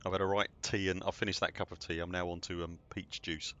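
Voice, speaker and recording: A man's voice: low-pitched, flat delivery, fast, sharp tone, a little hiss or hum. A man, chatting and joking in a rambling way as a game streamer at home. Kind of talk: casual livestream chat.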